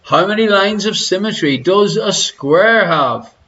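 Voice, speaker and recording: An Irish man hosts a live-streamed pub quiz from his living room, reading out questions between teasing, crude jokes. His voice is high-pitched, bright and forceful, expressive but unhurried, and the recording has its highs cut off.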